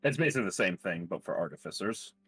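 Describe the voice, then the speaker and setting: A man's voice: low voice, animated, fast talker, fairly bright tone, husky, dry recording, soft background music, rough recording. An easygoing man chatting as a player at a tabletop game, explaining his character's rules. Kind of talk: casual chat at a tabletop game.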